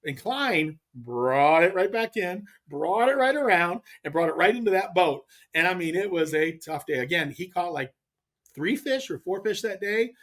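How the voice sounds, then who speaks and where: A middle-aged man from California, a podcast guest telling a fishing story in a casual, animated way with frequent restarts. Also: high voice. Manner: animated, acts out others' lines, frequent restarts. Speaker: podcast guest, pro angler.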